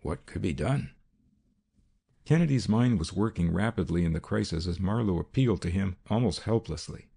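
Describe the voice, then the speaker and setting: A man narrating a detective story as an audiobook, in a steady, measured first-person reading. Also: deep voice, gravelly, breathy edge.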